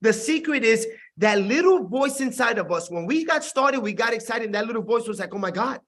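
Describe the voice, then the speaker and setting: A man with a high voice gives an intense, preachy motivational talk to his team over a video call. He hammers on the same points again and again and keeps pressing his listeners. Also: expressive, brisk, a bit bright. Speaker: network marketing team leader.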